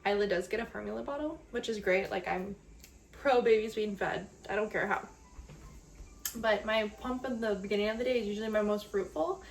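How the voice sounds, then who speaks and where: A woman's voice: mid-range voice, brisk, gravelly, a little hiss or hum. A young adult woman vlogging casually to camera, talking in a chatty, candid, sentimental way and leaning on lots of fillers. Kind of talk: casual vlog talk to camera.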